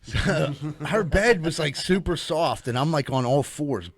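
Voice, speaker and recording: A man's voice: on the high side, expressive, a little slow. A man co-hosting a podcast, telling a rambling story full of swearing and acted-out quotes. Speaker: podcast co-host. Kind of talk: casual storytelling.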